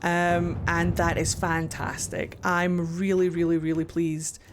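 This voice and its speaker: Young woman streamer ranting at chat, gets loud and excitable, swears a lot, faint noise behind. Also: on the low side, a little slow. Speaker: game streamer. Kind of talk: live gameplay commentary.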